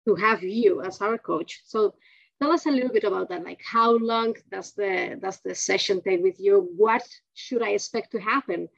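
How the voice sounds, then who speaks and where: A woman's voice: medium pitch, moderate pace, gravelly, a bit bright, dry recording. A woman hosting an interview, chiming in with encouraging short affirmations and questions. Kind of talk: casual interview talk. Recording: dull lo-fi dry sound.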